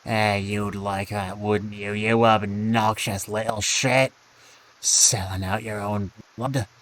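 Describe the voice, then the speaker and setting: A man's voice: fairly low pitch, fairly even intonation, slow pace, a bit bright, low-quality recording. A man voicing a stern, scornful older father in a game, delivering clipped, contemptuous scolding.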